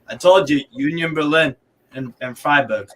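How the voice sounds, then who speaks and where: A man's voice: a little high, moderate pace, a bit bright. A man in casual chat, eagerly laying out football details. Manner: eager, detailed football talk, restarts words.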